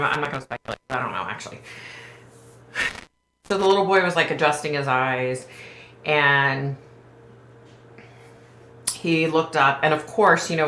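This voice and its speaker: Woman, psychic vlogger, hesitant, emotional, bright tone, echoey room. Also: deep voice, a little hiss or hum. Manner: emotional, hesitant, many ums and sighs. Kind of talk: casual retelling to viewers.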